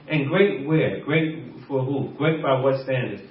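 Laughing preacher guy, voice jumps all over, kinda high, echoey far-off church sound. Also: normal speed, hardly any pauses, dull audio. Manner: lively, playful, laughs often, acts out voices. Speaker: pastor. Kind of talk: sermon.

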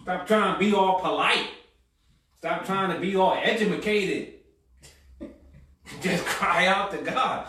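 A man's voice: high voice, takes it slowly, long pauses, pushed and bright. A man preaching a sermon in a fervent, colloquial way, repeating words in bursts as he builds. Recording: echoey room, mic at a distance.

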